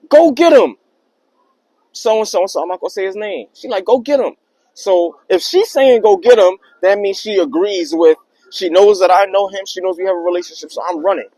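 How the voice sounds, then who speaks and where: Young man, higher voice, casual slangy storyteller, vlog style. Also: dry recording, poor audio. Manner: slangy, animated retelling with acted quotes. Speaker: vlogger telling a personal story.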